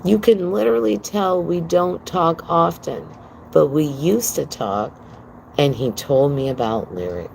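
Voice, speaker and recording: A woman's voice: sits low, measured pace, gravelly, a little mellow, slight background noise, low-quality recording. A woman livestreaming from home on her phone, telling a story to her viewers in a blunt, profane, emphatic way and calling them "girl". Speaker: livestream host.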